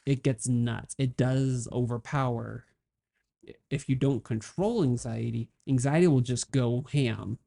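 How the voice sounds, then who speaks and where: A woman co-hosting a podcast, chatting casually about a film, fast and animated with many fillers. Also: rumbling low, gravelly. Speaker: podcast co-host. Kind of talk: casual movie discussion.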